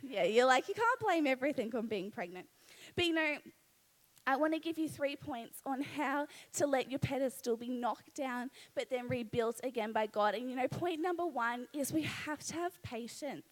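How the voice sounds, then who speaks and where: A woman's voice: high voice, moderate pace. A young Australian woman, pregnant, preaching at a live church service on a stage mic, earnest and conversational with frequent "you know what" asides.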